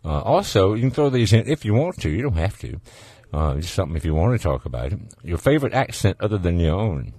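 A man's voice: low voice, sing-song, fast, hardly any pauses, darkish tone, breathy edge, no room sound. A man with a Southern accent hosting a call-in radio show, chatting in an easygoing, folksy way. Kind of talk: casual call-in radio chat.

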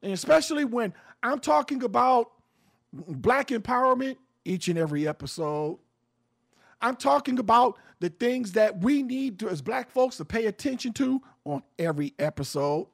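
A man's voice: very high voice, animated, normal speed, vocal fry. A man hosting a radio show, talking in a blunt, impassioned and profane way about his views. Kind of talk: heated opinion talk. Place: home in the Arizona desert.

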